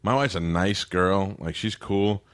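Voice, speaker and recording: A man with a very low voice co-hosting a casual comedy podcast. He rambles and restarts as he builds up crude stories. His voice is recorded dry and close to the mic. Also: a bit bright, no room sound. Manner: rambling, bawdy, with many restarts and drawn-out asides.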